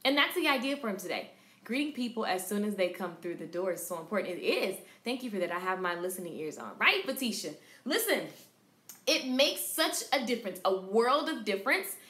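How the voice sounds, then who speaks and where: A Southern American woman who runs a salon, teaching a live-streamed marketing class in an energetic, emphatic way, repeating her points. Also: medium pitch, fairly quick. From Southern United States. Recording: echoey room.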